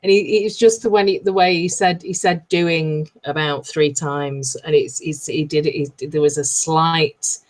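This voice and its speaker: Low-pitched woman, chatty panelist on a video call, laughs a lot. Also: fairly even intonation, measured pace, few pauses, a little mellow. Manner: chatty, laughs often, acts out quotes. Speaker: guest panelist. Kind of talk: casual live video-call discussion.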